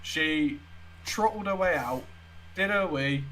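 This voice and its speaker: A man's voice: a little high, animated, takes it slowly, fairly bright tone, a little hiss or hum, poor audio. A young man co-hosting a podcast, telling a story in a chatty, casual way and swearing freely. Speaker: podcast co-host. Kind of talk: casual chat.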